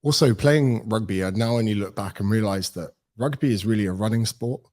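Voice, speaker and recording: With a lowish voice and a fairly quick pace, this man in his thirties, a British personal trainer, tells stories as a podcast guest. The interview is casual, and he animatedly performs the lines people said.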